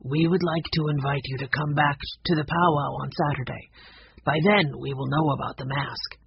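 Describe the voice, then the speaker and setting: A storybook narrator voicing a gentle, wise older man who is a tribal elder, speaking low and softly on a dull, lo-fi recording. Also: steady tone, normal speed, gravelly, noisy background, close to an everyday voice. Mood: gentle, calm.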